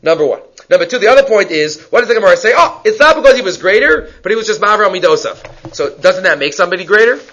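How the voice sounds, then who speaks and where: A man's voice: high-pitched, expressive, fast talker, a bit bright. A man teaching a Talmud class, reading Aramaic lines and explaining them in English, asking and answering his own questions. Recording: dull lo-fi recording.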